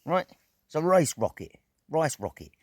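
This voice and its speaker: A middle-aged man vlogging outdoors at an evening camp, telling a story in a casual, animated way, full of slang, swearing and sound effects. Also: a little high, normal speed, dry recording, studio quality.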